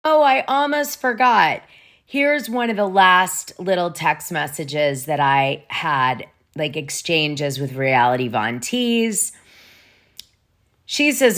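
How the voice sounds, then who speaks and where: A woman's voice: on the low side, lively intonation, takes it slowly, a bit bright. A woman hosting a casual gossip vlog, chatty and profane, reading messages aloud as she goes. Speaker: gossip show host.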